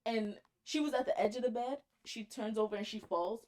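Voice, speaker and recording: A woman podcast co-host telling a story in casual chat, animated, laughing often and swearing casually. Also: a little high, fairly quick.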